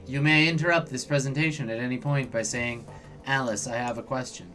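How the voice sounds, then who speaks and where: A man reads as a rigid, artificial stand-in for a woman hacker in a cyberpunk game. The delivery is formal and precise, at an everyday pitch, with faint music behind it. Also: steady tone, brisk, sharp tone, lightly acted.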